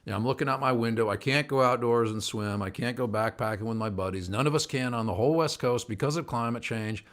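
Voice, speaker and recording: A man's voice: mid-range voice, fast talker, fairly bright tone. A man hosting a casual livestream show, talking to viewers at home in an earnest, rambling way that sometimes gets worked up. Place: at home by a window, indoors.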